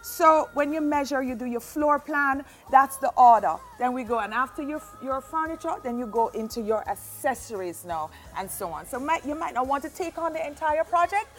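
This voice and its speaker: A woman walks through design choices one step at a time, with heavy emphasis on her words. Her voice sits a little high for a woman. Soft music plays under her speech. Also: lively intonation, normal speed, few pauses. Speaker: interior designer. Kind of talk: casual demonstration chat.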